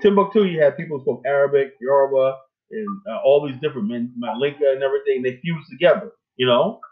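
This host of a casual talk show talks fast at a medium pitch, rambling loosely and frequently tagging on "you know what I'm saying." The recording is narrow, resembling phone audio.

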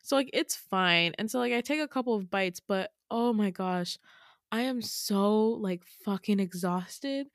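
A woman podcaster recounts her dream in a loose, chatty way, peppering every sentence with "like" and the odd swear word. Her pitch sits in an ordinary middle range but jumps high when she gets worked up. The sound is dry and close, with no room around it. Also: no echo. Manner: chatty, frequent "like" fillers, swears freely; animated, swings into sudden high exclamations. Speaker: podcast host. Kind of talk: casual storytelling of a dream.

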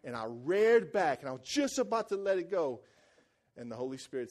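A man preaching a sermon as pastor. He tells stories in a colloquial, joking way and swings from loud excited peaks to hushed low passages. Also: brisk.

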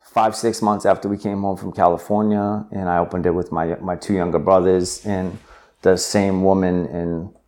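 A man's voice: low-pitched, little pitch movement, normal speed, mellow. A young man, an interview guest, telling his story in a rambling way, full of fillers and restarts. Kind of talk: storytelling in conversation.

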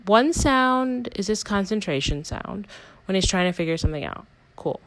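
A woman's voice: medium pitch, lively intonation, normal speed, dry recording, low-quality recording. A young woman hosting a casual personal podcast, talking candidly in a rambling way with lots of "like" and self-corrections. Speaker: podcast host.

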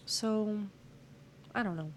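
A woman's voice: medium pitch, takes it slowly, a little hiss or hum. A young woman, chatting casually on a podcast about dating and filling her talk with "like". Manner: chatty, full of "like" fillers, quotes people in lively voices. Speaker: podcast guest. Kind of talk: casual chat.

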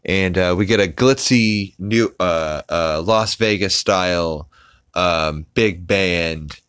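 A man's voice: sits low, slow, fairly bright tone, clean tone. A man hosting a podcast, casually recapping a cartoon episode with lots of fillers and restarts. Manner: rambling with many filler "uh"s. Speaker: podcast host.

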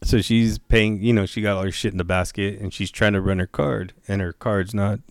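A man's voice: lowish voice, steady tone, brisk, no room sound, studio quality. A man telling a story in casual chat, swearing constantly and laughing as he goes. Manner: profane, laughing anecdote teller.

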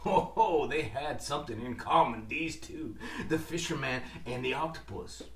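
A man's voice: medium pitch, animated, moderate pace, distant mic. A man telling a story to listeners, dramatic and calling out to them. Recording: roomy, from off mic.

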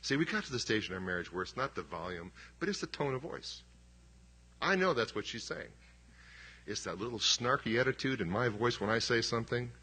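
Middle-aged guy preaching, husky bright voice, chatty and punchy, jokes about himself. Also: fairly low pitch. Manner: conversational, emphatic, self-deprecating humor. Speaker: pastor. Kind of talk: sermon.

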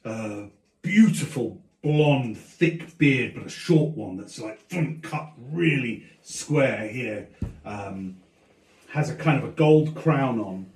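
Slow-talking male game master. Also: medium pitch, animated, a little mellow. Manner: unhurried, describing scenes with many fillers. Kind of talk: narrating a tabletop game. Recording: echoey room.

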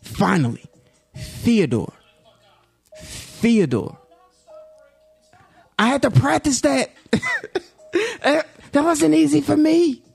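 Laid-back commentary vlogger, slow and gravelly, slangy self-talk over soft background music. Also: sits high, big pitch swings. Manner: musing, self-encouraging. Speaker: commentary YouTuber. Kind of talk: casual reflective vlog monologue.

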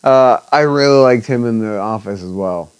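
A man's voice: lowish voice, normal speed, a little mellow, clear, resonant tone. A man co-hosting a casual podcast chat, laid-back and offhand, swearing casually. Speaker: podcast co-host.

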